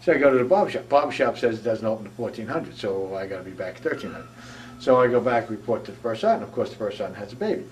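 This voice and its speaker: A man's voice: lowish voice, animated, racing. An older man, a military veteran, telling his war memories in a rambling conversational way with many restarts. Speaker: veteran interviewee. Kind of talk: oral history storytelling. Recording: voice from a distance from the mic.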